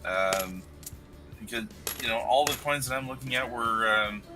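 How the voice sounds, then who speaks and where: A man's voice: medium pitch, moderate pace, over music, poor audio. A man hosting a casual livestream chat who explains figures methodically and jokes about himself. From Canada. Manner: explains numbers methodically, self-deprecating. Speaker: host.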